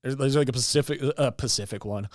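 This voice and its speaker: A man's voice: mid-range voice, fast talker. A man co-hosting a film review podcast in casual chat, laughing often, swearing, and retelling scenes. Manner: laughs often, swears, acts out movie scenes in quoted voices.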